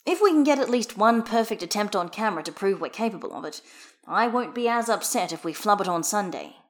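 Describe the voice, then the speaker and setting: A woman's voice: mid-range voice, animated, fairly quick, close to an everyday voice. A woman reading a wry, easygoing man. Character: wry, easygoing male figure skater.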